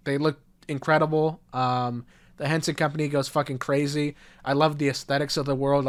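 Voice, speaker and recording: A man's voice: a little high, smooth. A young man co-hosting a podcast, telling stories animatedly, swearing and acting out what people said. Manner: animated storyteller, swears, acts out quotes. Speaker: podcast co-host. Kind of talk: casual podcast chat.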